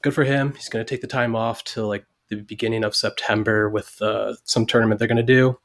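A man co-hosting a casual podcast chat, playful and quick to joke. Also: lowish voice, steady tone, a bit bright. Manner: joking, playful. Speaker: podcast co-host.

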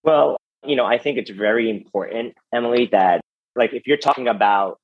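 A man speaking as a business coach in a casual podcast interview, animated and instructive, firing direct questions at the listener. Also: medium pitch, moderate pace, breathy edge, phone-quality sound.

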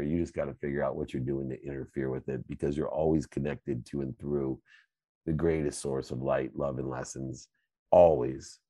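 A middle-aged man hosting a live Q&A, answering questions in a fervent, preachy way that swings between loud bursts and quiet asides. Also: a bass voice, no room sound. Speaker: host and coach. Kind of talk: motivational Q&A answers.

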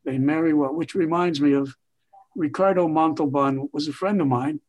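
An older man speaks as a guest in an interview, his voice sitting a little high for a man. He tells stories in an expansive, emphatic way, stretching his phrases for weight. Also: moderate pace. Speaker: veteran TV writer and guest. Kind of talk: reflective interview storytelling.

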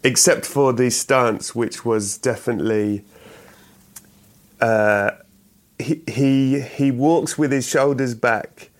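A man's voice: mid-range voice, fairly even intonation, slow pace. A middle-aged man, a guest in an interview, talking in a rambling way with restarts and chuckles. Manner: rambling, self-correcting, chuckles often. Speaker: actor and writer guest. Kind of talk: relaxed interview chat.

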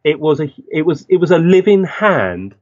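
A man's voice: a little high, sing-song, moderate pace, darkish tone, no echo. A man telling a personal story as a guest, acting out the lines of people he quotes. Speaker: guest medium. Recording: dull lo-fi dry recording.

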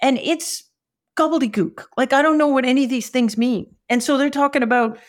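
A woman's voice: high-pitched, brisk. A woman telling a funny story in a casual talk, acting out the dialogue and swearing now and then, with an audience laughing along. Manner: animated, acts out dialogue in exaggerated voices; casual and profane, frequent "like". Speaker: marketing speaker.

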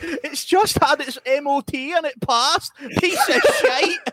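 A man putting on a high Scottish woman. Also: expressive, measured pace, noisy background. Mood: exasperated. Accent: put-on Scottish. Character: impression of a middle-aged Scottish woman singer, fed up.

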